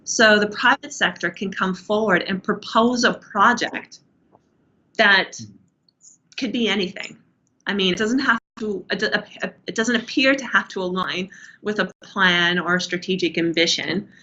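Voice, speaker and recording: An Australian woman researcher giving a measured, explanatory answer in an academic interview, with frequent restarts. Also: medium pitch, sharp tone. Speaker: urban planning researcher, interview guest. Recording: muffled, dull audio.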